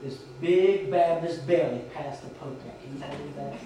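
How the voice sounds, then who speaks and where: A man's voice: fairly high pitch, normal speed, slight background noise. A man preaching a sermon, telling a story and urging his congregation. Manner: storytelling, shouting quoted drill commands. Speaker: pastor. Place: church sanctuary. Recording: echoey church from far off.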